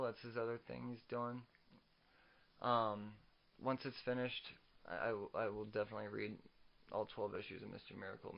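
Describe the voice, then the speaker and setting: A man's voice: mid-range voice, gravelly. Young guy ranting about comics on a podcast, cusses constantly, stammers, kinda muffled audio. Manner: profane, ranting, stammers on restarts. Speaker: podcast co-host. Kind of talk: casual comics chat.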